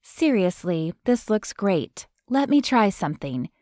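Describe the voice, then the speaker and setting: Brisk teasing young woman stylist, read by a woman, lively pitch, dry close sound. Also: no room sound. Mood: playful. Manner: upbeat, bossy, coaxing.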